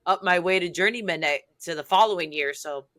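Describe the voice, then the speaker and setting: A woman chatting on a podcast, telling her story with lots of excitement. Her voice is bright and forward, and her talk is loose, full of "like" fillers and acted-out lines. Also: on the low side, brisk. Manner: excitable, animated, heavy use of "like". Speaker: guest.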